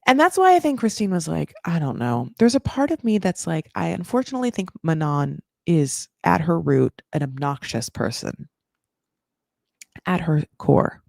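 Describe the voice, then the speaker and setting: Female host, gravelly, dry close sound, opinionated casual chat. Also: on the low side, darkish tone, no room sound. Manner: chatty and opinionated, many "like" fillers. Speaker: podcast host recapping a reality show.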